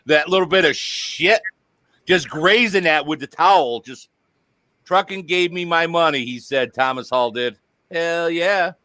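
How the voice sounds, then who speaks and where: A man's voice: fairly high pitch, bright, forceful tone, no room sound. A man hosting a casual live-stream chat, joking crudely and swearing freely. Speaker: host.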